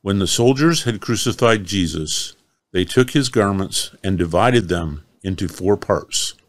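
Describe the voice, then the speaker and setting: Male scripture reader, solemn and unhurried, lowish voice, dry close recording. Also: no echo. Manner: slow, measured, solemn. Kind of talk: Bible reading.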